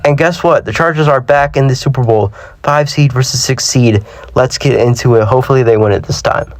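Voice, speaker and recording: A young man hosting a gaming channel commentates a football simulation game in a medium-pitched, fairly quick voice. Slightly sick, he's chatty and self-deprecating in this casual sports-sim commentary, often tripping over his words.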